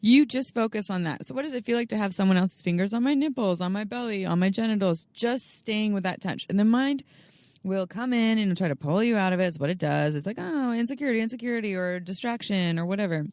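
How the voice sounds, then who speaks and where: A woman's voice: mid-range voice, brisk, darkish tone, dry recording. A woman co-hosting a casual podcast, talking in an earnest, coaching way with frequent restarts. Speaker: podcast co-host.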